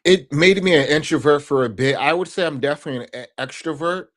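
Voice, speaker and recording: A man's voice: fairly high pitch, fast, fairly bright tone. A man speaking as a podcast guest, earnest and reflective, often tagging his points with a questioning "right?". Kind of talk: casual interview conversation.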